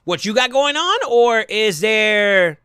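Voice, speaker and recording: His voice is high and his pace slow as he streams live, chatting loosely and thanking viewers. He gets worked up and yells without warning, going hoarse from it, and the studio-quality audio has no echo.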